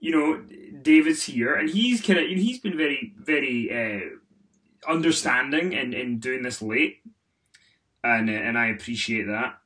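A man's voice: mid-range voice, lively intonation, unhurried, a bit bright, distant mic. A tired man co-hosting a podcast in casual banter, dry and teasing. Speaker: podcast co-host.

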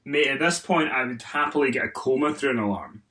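A man's voice: mid-range voice, fairly quick, sharp tone, recorded from a distance. A tired man co-hosting a podcast in casual banter, dry and teasing. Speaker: podcast co-host.

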